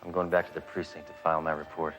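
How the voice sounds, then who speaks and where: A cocky deep-voiced macho cop. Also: male voice, little pitch movement, very fast, over music, poor audio. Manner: cocky, blunt, hollers. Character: brash trigger-happy macho male cop. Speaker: police detective. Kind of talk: 1980s sitcom acting.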